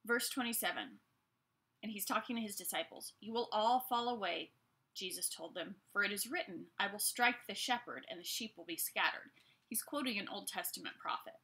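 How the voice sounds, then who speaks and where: A woman giving a casual Bible lesson, reading scripture aloud and chatting about it with lively asides. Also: medium pitch, a little fast, breathy edge. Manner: chatty and animated, with many fillers and asides. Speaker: Bible teacher.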